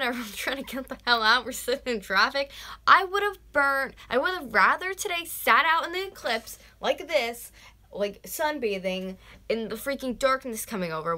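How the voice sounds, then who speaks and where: She sounds on the high side and sharp. This twenty-something North American vlogger chats casually on a live stream, ranting, swearing without restraint, saying "like" a lot, and lowering to whispers here and there.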